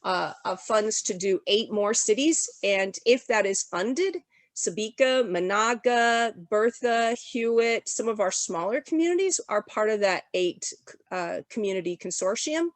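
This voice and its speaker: A woman briefs a virtual summit audience in a brisk, auctioneer-like rush, upbeat despite being sick. Her voice sits in a middle register. The sound is dry and close, picked up by a video-call microphone. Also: medium pitch, animated, dry recording. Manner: rapid-fire auctioneer-style delivery. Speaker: regional development commission presenter. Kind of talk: briefing presentation at an online summit.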